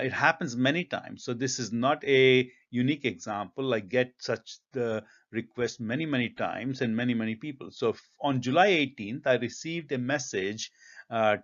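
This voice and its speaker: A man giving career advice in a reflective monologue, speaking in a measured, thoughtful way with frequent ums and uhs. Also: medium pitch, highs cut off.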